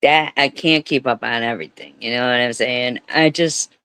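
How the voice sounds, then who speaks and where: A woman's voice: extremely low pitch, normal speed, a bit bright, clear, resonant tone, no echo. A woman streamer giving rambling live commentary, swearing and repeating words for emphasis.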